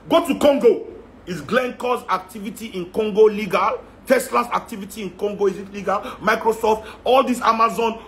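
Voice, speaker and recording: A man's voice: sits high, a bit bright, a little hiss or hum. A man with a Nigerian accent giving an impassioned rant, firing off rhetorical questions. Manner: heated, rhetorical, repeating questions. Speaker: speaker in a talk.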